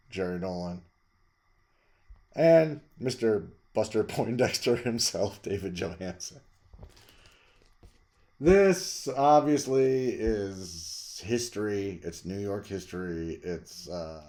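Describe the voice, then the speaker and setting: Rambling middle-aged man raving about records. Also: low-pitched. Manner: rambling, enthusiastic, with jumps to loud emphasis. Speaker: vlog host reviewing records. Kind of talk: casual record-collection chat.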